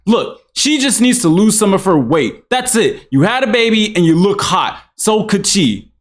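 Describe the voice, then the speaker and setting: A man's voice: high voice, very animated, normal speed. A man playing a boastful, crude married man in a scripted skit, talking in a dismissive way. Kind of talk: scripted drama dialogue.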